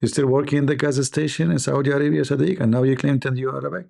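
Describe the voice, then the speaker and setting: A man hosting a live show who mocks a video in sarcastic, halting, full of fillers and repeats. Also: medium pitch, fairly even intonation, gravelly, a little mellow. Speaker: host. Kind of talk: mocking live commentary.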